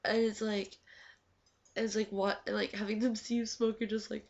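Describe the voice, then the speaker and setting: A teenage girl vlogs casually in a medium-pitched, darkish voice with a level tone and moderate pace. She chats along using lots of "like" and acts out quoted talk, recorded on dull lo-fi webcam audio.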